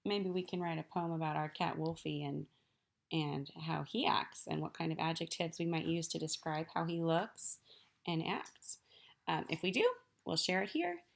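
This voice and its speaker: A woman teacher reading poems aloud and gently encouraging children to write their own. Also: low voice, lively intonation, normal speed, gravelly.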